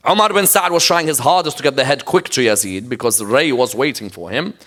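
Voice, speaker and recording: A man's voice: medium pitch, animated, quick pace, fairly bright tone. A man preaching a sermon in a mosque, telling the story emphatically and checking in with the audience with rhetorical questions. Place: mosque lecture.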